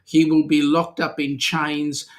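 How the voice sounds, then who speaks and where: A man's voice: a little high, completely flat delivery, unhurried. Chatty Australian man hosting a live chat. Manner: chatty, teasing, greets viewers by name. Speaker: podcast co-host. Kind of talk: casual live-stream chat.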